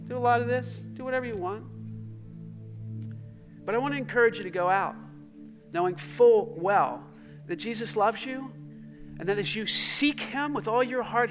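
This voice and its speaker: Preaching a sermon to a congregation in an extremely high-pitched voice, a man swings from hushed moments to fervent exclamations, with the occasional joke thrown in.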